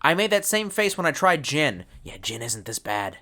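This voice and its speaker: Tipsy, profane livestream host with a bright voice. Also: medium pitch, sing-song, moderate pace. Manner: rambling, profane and loose. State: tipsy from drinking. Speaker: livestream host reading chat. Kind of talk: casual rambling live chat. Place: at home at a desk.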